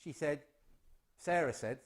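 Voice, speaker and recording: A man's voice: fairly high pitch, measured pace. Jokey English man addressing a congregation. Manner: chatty, jokey, self-deprecating. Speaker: speaker at a spiritualist service. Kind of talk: informal humorous address to a congregation.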